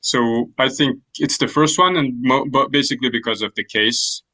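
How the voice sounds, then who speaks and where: A man teaching ancient Greek grammar in an online class, explaining with pauses and restarts over a video call. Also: mid-range voice, bright, forceful tone, low-quality recording. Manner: thoughtful, hesitant, many restarts. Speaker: language teacher.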